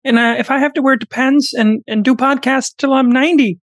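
A man's voice: very high voice, fairly even intonation, fairly quick, dry recording, clean studio sound, voice pushed up. A man putting on the voice of a weary older male pundit who frets over young men, in a preachy, plaintive way.

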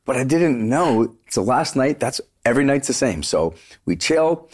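A man's voice: medium pitch, very animated, moderate pace, a little mellow. A middle-aged man, a touring singer, talking in an earnest, rambling way as an interview guest. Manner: earnest, rambling storyteller with many restarts. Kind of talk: casual interview conversation.

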